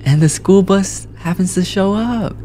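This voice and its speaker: Excitable young man commentating a game. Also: a little slow, slight background noise. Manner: excitable, frequent laughs, voice leaps high when hyped. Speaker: gaming YouTuber.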